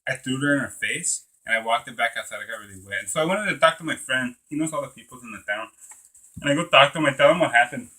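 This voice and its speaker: A rambling young Tijuana man voiced by a man in a put-on act tells a comic tale in a heavy Mexican accent. He rushes and loses his thread. His tone is bright, with a husky edge. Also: medium pitch. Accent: put-on Mexican Spanish accent. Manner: meandering, flustered storytelling. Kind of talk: improvised comic storytelling.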